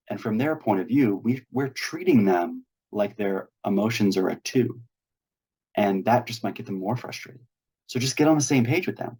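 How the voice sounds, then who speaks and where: A man's voice: lowish voice, normal speed, darkish tone, slightly rough. A man hosting a weekly meetup on a video call, coaching earnestly and acting out sample dialogues. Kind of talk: instructional talk on a video call.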